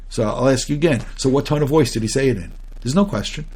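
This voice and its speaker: Giving a Torah lecture in a conversational style, a rabbi earnestly asks his audience questions, restarts phrases, and chants Hebrew verses between his English explanations. He talks quickly in a mid-range voice that sounds darkish and slightly rough.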